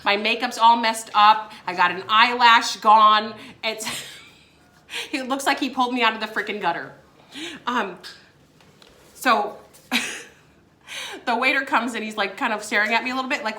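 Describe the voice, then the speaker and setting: Young woman, casual storytime, giggly, lots of fillers, bright voice. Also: fairly high pitch, normal speed, pauses often. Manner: giggly, laughs between phrases, many fillers. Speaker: vlogger.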